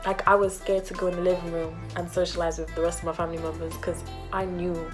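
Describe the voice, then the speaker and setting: A young woman telling a storytime vlog, animated and acting out quotes in different voices. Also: lowish voice, fast, music in the background. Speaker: vlogger.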